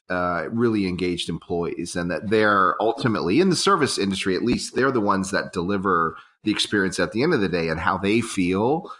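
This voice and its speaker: A measured man co-hosts a podcast with thoughtful questions. His voice is very low yet bright and forceful. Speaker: podcast co-host. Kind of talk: casual interview.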